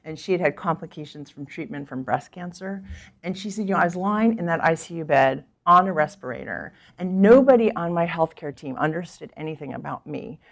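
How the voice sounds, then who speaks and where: A woman's voice: fairly low pitch, brisk. A middle-aged woman physician giving a talk, telling patient stories and acting out what people said, with frequent restarts. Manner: animated storyteller, acts out quoted people with laughs; thinks aloud with restarts and fillers. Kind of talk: conference talk with storytelling.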